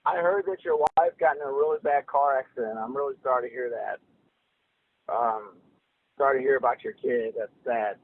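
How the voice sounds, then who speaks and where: A man's voice: mid-range voice, sing-song, moderate pace, vocal fry, dry recording. A man leaving a sarcastic, mock-sympathetic voicemail. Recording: tinny dry phone line.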